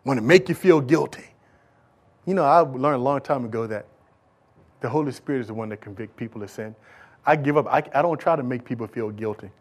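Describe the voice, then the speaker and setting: A man preaching a sermon, moving from quiet, conversational asides to loud, shouted exhortation, with casual folksy remarks. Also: mid-range voice, a little fast. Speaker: pastor.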